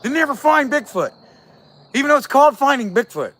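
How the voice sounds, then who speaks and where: A man's voice: very high-pitched, big pitch swings, brisk, a bit bright, a little hiss or hum. A man, a chainsaw carver, telling a long casual story in a folksy, chatty way full of fillers.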